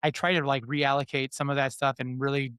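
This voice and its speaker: Smooth-voiced man in his thirties, halting. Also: medium pitch, level tone, a bit bright, dry recording, studio quality. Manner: halting, many restarts. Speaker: podcast guest. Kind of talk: casual conversation.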